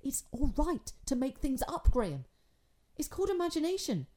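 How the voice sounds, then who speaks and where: A sardonic, exasperated middle-aged dad, read by a woman with a lively, swooping voice. His tone is teasing, mellow and fairly high. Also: moderate pace.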